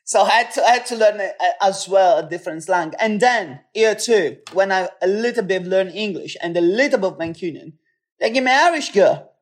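A man's voice: sits high, a little fast. Guest: Italian man with an Italian accent, casual, laughing, repeats words while speaking English as a second language. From Italy. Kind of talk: casual chat.

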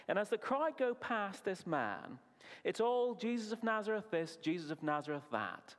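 A man leading a children's talk in a church service, his pitch bouncing widely as he asks the young listeners questions and praises their answers. His voice sits on the higher side for a man, and the long reverb of a large hall trails behind every phrase. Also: big pitch swings, normal speed. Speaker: preacher at a family service.

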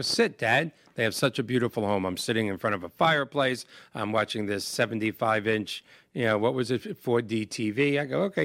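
Male host, mid-pitched, lively storyteller who pokes fun at himself; dry, close studio sound. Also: dry recording. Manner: animated, tells jokes against himself. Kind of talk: casual storytelling.

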